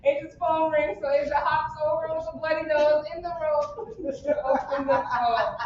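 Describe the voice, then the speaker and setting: Woman improv storyteller, high voice, rambling and giggly, heavy echo from a distant mic. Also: steady tone, normal speed, darkish tone, lo-fi sound, slight background noise. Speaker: improv performer. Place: theater stage. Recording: very echoey stage recording from afar.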